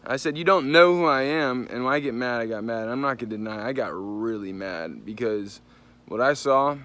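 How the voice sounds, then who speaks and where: Vlogger, male, mid-pitched voice, casual storytelling rant, profane and animated, slips into quoted voices. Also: moderate pace. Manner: animated, profane, jumps into voices when quoting people.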